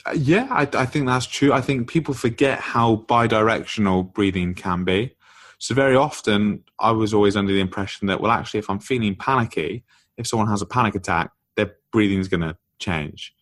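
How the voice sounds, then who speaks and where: A man being interviewed as a guest author on a podcast, explaining ideas in an energetic, conversational way. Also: lowish voice, brisk, no echo.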